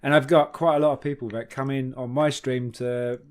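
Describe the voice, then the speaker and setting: A man co-hosting a casual gaming podcast, rambling with frequent restarts, swearing and lively asides. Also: mid-range voice, moderate pace. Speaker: podcast co-host. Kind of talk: casual chat.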